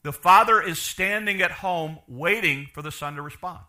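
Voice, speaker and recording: A middle-aged male pastor delivering a lively sermon in a high, strikingly bright voice. He acts out the people he quotes and often stumbles and restarts mid-thought. His pitch swings widely from low asides to raised emphatic points. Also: normal speed. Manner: animated preaching, voices quoted characters, repeats and restarts.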